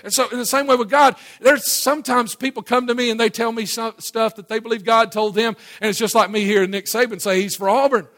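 A man's voice: extremely high pitch, fairly even intonation, a little fast, hardly any pauses, fairly bright tone. A middle-aged man preaching a conversational sermon to a church audience, folksy, asking the crowd questions and often restarting his words. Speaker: pastor. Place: church before a live audience.

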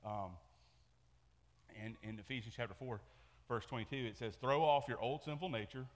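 A man's voice: mid-range voice, moderate pace, big-room sound. A man preaching a sermon to his church in a casual, conversational way, often repeating words and restarting sentences. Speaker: pastor. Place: church sanctuary.

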